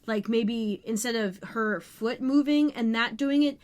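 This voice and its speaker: A woman's voice: on the high side, a little mellow. Chatty woman recapping a TV episode. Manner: chatty, recounts scenes with quick asides. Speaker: podcast co-host. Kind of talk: casual recap chat.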